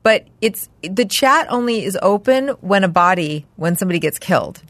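A woman's voice: mid-range voice, moderate pace, dry recording. A woman in her fifties co-hosting a podcast, chatting casually and acting out family dialogue as she tells stories. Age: 50s. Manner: animated storyteller, acts out family dialogue. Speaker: podcast co-host. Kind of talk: casual chat.

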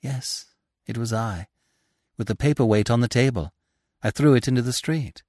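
A man voicing a young woman rescuer, quiet and commanding. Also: medium pitch, normal speed, dry recording, clean studio sound, natural voice. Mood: urgent.

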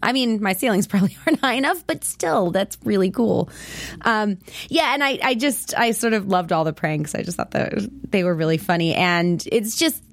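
A woman with a squeaky voice hosting a show, chatting casually and rambling with lots of fillers and laughs. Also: animated, normal speed, no echo. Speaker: show host. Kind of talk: casual chat about a TV show.

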